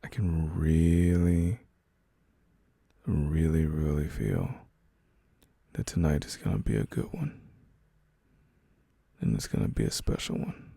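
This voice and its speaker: A man speaking softly and soothingly as a caring boyfriend in a whispered role-play. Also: extremely low pitch, vocal fry, slightly rough, no echo. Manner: soft, slow, soothing reassurance.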